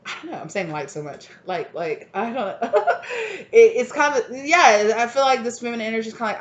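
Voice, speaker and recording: A woman's voice: a little high, big pitch swings, normal speed. A woman giving a casual, rambling tarot card reading, full of fillers and frequent laughs. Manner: rambling, chatty, filler-heavy, laughs often. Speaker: tarot reader. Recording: roomy, slightly dull sound.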